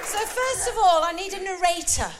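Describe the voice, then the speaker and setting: A woman's voice: very high-pitched, normal speed, over a noisy crowd, very noisy. A woman hosting a live stage show, chatty, bubbly and bossy as she organises volunteers. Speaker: show host. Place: live venue in front of an audience.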